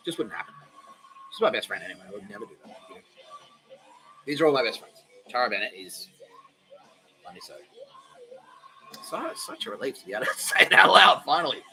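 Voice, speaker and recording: Young aussie guy rambling and swearing on his podcast, bright lowish voice, faint music behind. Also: rough recording. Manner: rambling, profane, self-mocking. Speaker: podcast host. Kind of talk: casual solo monologue.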